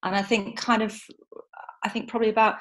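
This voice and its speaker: A woman's voice: mid-range voice, level tone, a little fast, a bit bright. A woman who founded a support network, talking thoughtfully as a guest on a group video call. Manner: thoughtful, reflective. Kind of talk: casual group chat on a call.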